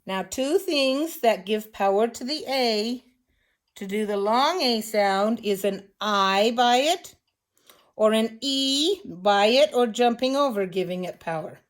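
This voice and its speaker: An older woman teaching children phonics, slowly and patiently sounding out words and letters. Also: fairly high pitch, animated.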